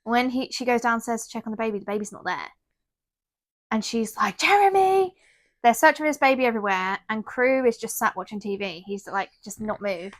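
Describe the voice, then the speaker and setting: A woman's voice: fairly high pitch, fast talker, hardly any pauses. Chatty woman retelling a book. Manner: chatty retelling, quotes characters. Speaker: podcast co-host. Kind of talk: casual book chat.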